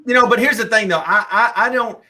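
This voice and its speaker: A man hosts a live call-in stream in a casual, rambling way, circling back on himself and restarting his sentences. His voice sits a little high for a man and sounds bright and forward. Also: fast.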